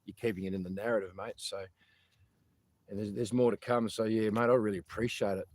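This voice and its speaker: An earnest Australian man rambles through a casual talk to his viewers, dropping "mate" into nearly every sentence. His voice sits fairly low, with a faint hiss of background noise. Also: steady tone, fairly quick.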